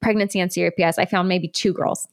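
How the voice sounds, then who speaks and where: Woman, 30s, slightly low voice; candid, rambling storyteller in an interview. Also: steady tone, fast talker. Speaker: guest. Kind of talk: personal story in conversation.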